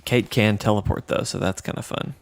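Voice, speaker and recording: A man's voice: fairly low pitch, steady tone, a little fast, creaky. A man hosting a casual gaming livestream, upbeat and joking as he reads the chat aloud. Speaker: stream host.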